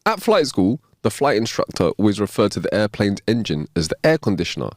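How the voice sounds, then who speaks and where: A man's voice: lowish voice, sing-song, a little fast, no room sound, clean studio sound. A man co-hosting a casual chat, telling jokes and breaking into laughter. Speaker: podcast co-host.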